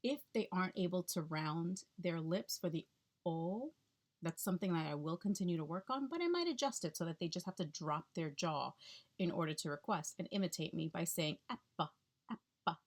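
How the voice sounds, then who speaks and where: A woman's voice: fairly low pitch, lively intonation, a little fast. Chatty woman speech therapist explaining. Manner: chatty, explanatory, with fillers and check-ins. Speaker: speech-language pathologist. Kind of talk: instructional explainer to camera.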